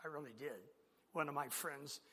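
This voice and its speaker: A male preacher telling a story from the pulpit, teasing his congregation and swinging between loud and quiet. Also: fairly high pitch, normal speed, breathy edge. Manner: animated, teasing the congregation, big swings in loudness. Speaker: preacher and missionary. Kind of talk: sermon with storytelling. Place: church sanctuary with a congregation. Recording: long reverb of a large church hall.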